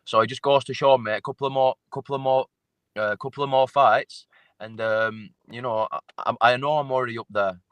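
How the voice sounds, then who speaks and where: Male fighter, mid-pitch, dry close sound, blunt sweary chat. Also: steady tone, brisk, fairly bright tone, clear, resonant tone, dry recording. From England. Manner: swearing, blunt, repeats himself. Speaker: MMA fighter guest. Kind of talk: casual interview chat.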